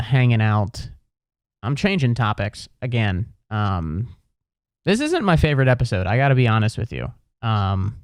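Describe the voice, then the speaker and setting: Ohio guy, solo comic podcast rant, rambling and profane, smooth voice, dry close mic. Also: mid-range voice, a little mellow, dry recording. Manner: rambling, profane, full of restarts. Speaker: podcast host.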